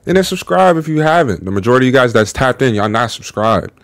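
A man hosting a reaction video, talking in a casual, slangy and animated way with laughing asides, on a close mic. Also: mid-range voice, fast, dry recording. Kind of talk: casual commentary.

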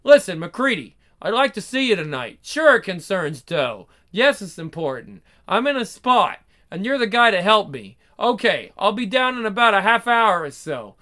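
An actor playing a proud, hot-tempered young husband who talks in a brusque, streetwise way, in 1940s radio acting. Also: male voice, high-pitched, sing-song, moderate pace, few pauses, pushed and bright, exaggerated voice. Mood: defiant. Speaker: gas station owner, husband.

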